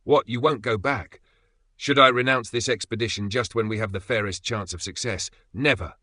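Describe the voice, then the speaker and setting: A man's voice: mid-range voice, normal speed, sharp tone, dry recording. A man reading an audiobook, voicing a stubborn, domineering old male professor who speaks in a commanding, scornful way. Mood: defiant. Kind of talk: audiobook character voice.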